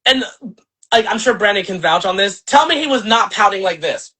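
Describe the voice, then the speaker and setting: Young male host, casual livestream rant, husky tone, very lively intonation, rambling and profane. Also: high-pitched, fairly quick. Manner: animated, profane, rambling with many fillers. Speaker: channel host and filmmaker.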